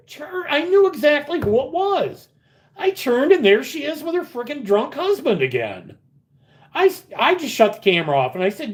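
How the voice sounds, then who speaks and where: A middle-aged man hosting a slot channel live stream from a casino, chatting casually and telling stories in an animated way with a lot of swearing. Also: very high-pitched, normal speed. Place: casino upstairs area.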